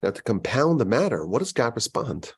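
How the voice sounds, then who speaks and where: A man giving a Torah lecture as a rabbi, animated and acting out quoted voices. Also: brisk, breathy edge. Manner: animated, acts out quoted voices with big pitch jumps.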